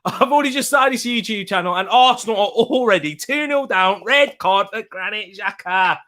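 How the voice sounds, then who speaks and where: Man, watch-along host, high-pitched, exasperated, rambling live commentary. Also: lively intonation, normal speed, pushed and bright. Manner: exasperated, rambling, repeating himself.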